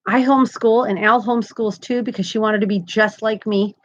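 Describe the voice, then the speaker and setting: A woman's voice: medium pitch, fairly even intonation, a little fast, lo-fi sound. A woman in her thirties hosting a live crochet stream from home, chatty and giggly as she reads viewer comments aloud. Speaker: crochet channel host. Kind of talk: casual live-stream chat.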